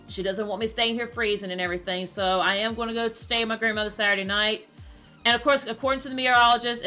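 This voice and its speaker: A woman's voice: medium pitch, sharp tone. A woman, a streamer talking casually to her chat, rambling and repeating words, upset and close to tears. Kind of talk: casual talk to camera.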